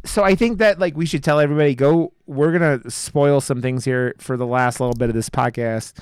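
A man co-hosting a podcast, chatting casually about a film in a rambling, profane, excitable way. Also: medium pitch, brisk, clear, resonant tone, no room sound, studio quality. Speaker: podcast co-host. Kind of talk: casual film review chat.

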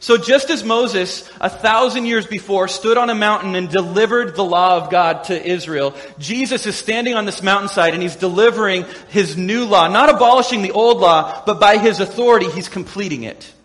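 A man preaching a sermon as pastor, animated and laughing often as he acts out the voices of crowds and quotes. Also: sits high, normal speed, hardly any pauses. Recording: echoey hall with long reverb.

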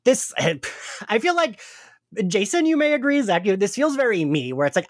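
This animated woman speaks with a South Jersey, Philadelphia-area accent, her pitch leaping up and down as she acts out quotes and laughs between thoughts. She is co-hosting a casual podcast chat in a dry, close-sounding space. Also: moderate pace, no echo. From New Jersey, near Philadelphia. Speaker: podcast co-host.

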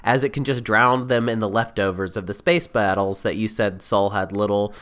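A man's voice: fairly low pitch, fairly even intonation, moderate pace, fairly bright tone, clean tone. A man co-hosting a board game podcast while feeling sick, with dry, self-deprecating humor. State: sick, under the weather. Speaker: podcast co-host. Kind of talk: casual board game discussion.

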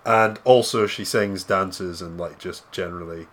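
Dry bloke chatting on a podcast, kinda low, deadpan jokes. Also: male voice, measured pace, a little hiss or hum. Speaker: podcast co-host. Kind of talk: casual chat.

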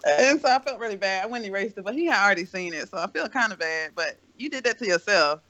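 A man's voice: sits high, lively intonation, quick pace, bright, forceful tone, highs cut off. A young man co-hosting a casual podcast, telling stories and laughing between lines. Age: young adult. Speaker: podcast co-host. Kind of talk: casual group chat.

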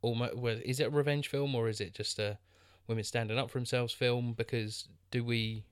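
In a smooth, steady, medium-pitched voice, a man talks a little fast as he co-hosts a podcast. He chats loosely about a film, restarting often and using many fillers; the audio is studio quality with no room sound.

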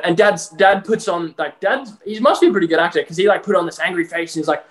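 Young Australian man, high voice, roomy sound. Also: a little fast. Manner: storytelling with many fillers and laughs. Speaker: podcast co-host. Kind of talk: casual chat. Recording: roomy echo.

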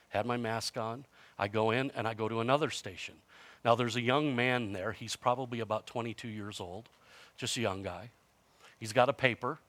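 A man in his fifties delivers a sermon as an easygoing story, often stopping and restarting his sentences and poking fun at himself. His voice sits in an ordinary middle pitch. The recording is dry and close, with no room echo. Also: fairly bright tone. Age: 50s. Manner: conversational storytelling, self-mocking humor, frequent restarts. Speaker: pastor.

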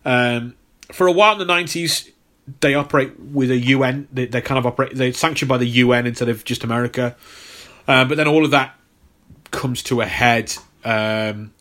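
A bright, forceful-sounding man co-hosting a podcast. He talks in easygoing chat and rambles through explanations with lots of ums and restarted words. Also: medium pitch, moderate pace. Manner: rambling, filler-heavy, repeats words. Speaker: podcast co-host. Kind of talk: casual chat.

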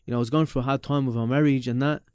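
A man talks through old memories in relaxed, animated chat. He often circles back and repeats words as he goes. His voice sits at an ordinary middle pitch, and the sound is close and dry with no room echo. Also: very fast, smooth. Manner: animated, repeats words, mixes in Arabic religious terms. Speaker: podcast guest recalling his teachers. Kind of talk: casual storytelling chat.

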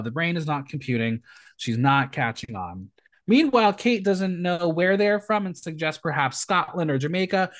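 Animated gossipy male podcast host. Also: on the high side. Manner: animated, gossipy, campy asides. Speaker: podcast host recapping a reality show. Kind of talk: casual chat.

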